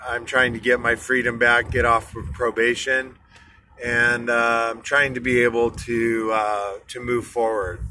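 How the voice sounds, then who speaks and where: A man's voice: mid-range voice, pushed and bright. A man, an inspirational speaker, telling a motivational story from his car in traffic, rambling with fillers. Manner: rambling, many fillers and restarts. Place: car in rush hour traffic.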